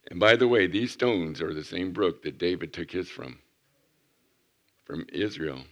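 A man preaching, a pastor telling a lively story to children in church and asking them questions. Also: deep voice, measured pace, muffled recording. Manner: animated storyteller, asks the kids questions.

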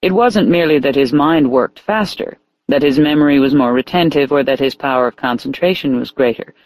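A man reading an audiobook as narrator in a measured, even way. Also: mid-range voice, dry recording, rough recording. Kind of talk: scripted narration.

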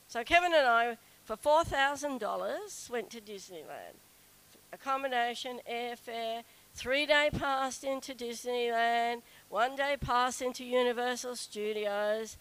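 A woman in middle age tells a personal anecdote to a gathered audience. Her voice sits a little high and comes across bright and clear. She talks in a chatty, animated way and slips into a whiny tone when she acts out her own complaints. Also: moderate pace, rough recording. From Australia. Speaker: speaker telling a story to a group.

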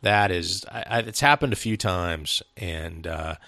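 A man's voice: low-pitched, unhurried, gravelly, bright, forceful tone, no echo. A man co-hosting a casual podcast chat, telling a rambling story with plenty of swearing, fillers and restarts. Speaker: podcast co-host.

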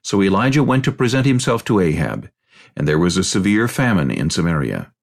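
Deep gravelly male scripture narrator. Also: big pitch swings, fairly quick.

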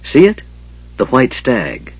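A man's voice: medium pitch, wildly swooping pitch, takes it slowly, slightly rough, no echo, muffled recording, pitched above the performer's own voice, exaggerated voice. A man voicing a feverish, proud young knight who talks intensely and sharply. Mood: urgent. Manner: intense, snapping, sometimes strained.

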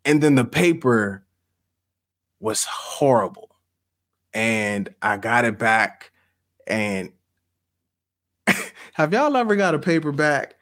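Brief: middle-aged man, casual podcast host, animated storyteller with easy laughs, mid-pitched voice. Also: slow pace, pauses often. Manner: storytelling, laughs often, addresses audience as y'all. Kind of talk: casual livestream chat.

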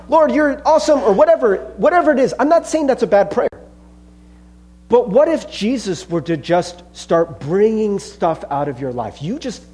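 A man's voice: fairly high pitch, warm tone, slight background noise. A male pastor preaching a sermon in an earnest, conversational way, often calling the listeners friends.

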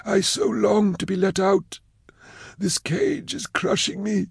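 A spent, trembling mage pleads in a thin, high, breathy voice, every word dragged out slowly. His tone is rough with fry and close, dry, as in a storybook reading. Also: lively intonation, no room sound, full character voice. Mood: weary pleading. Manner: weak, whimpering and drawn-out. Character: exhausted, pleading male mage near collapse.

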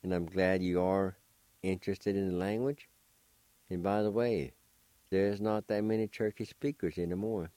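A man's voice: low-pitched, steady tone, normal speed, mellow, dry recording. A man hosting a radio language lesson, patiently spelling and pronouncing words syllable by syllable. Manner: patient, encouraging teacher. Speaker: radio host teaching a language.

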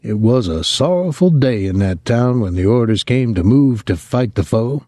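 A man playing a drawling young soldier, soft and lazy. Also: mid-range voice, lively intonation, moderate pace, no room sound, studio quality, lightly acted. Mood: soft ironic. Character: lazy-voiced young male soldier from Saint Louis.

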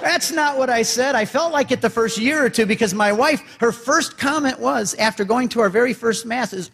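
A man giving an animated talk to a gathering, telling a story and acting out the dialogue with different voices. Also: extremely high pitch, moderate pace, hardly any pauses, breathy edge. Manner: dramatic, acts out dialogue with voices. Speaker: speaker and convert giving a talk. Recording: long hall reverb.

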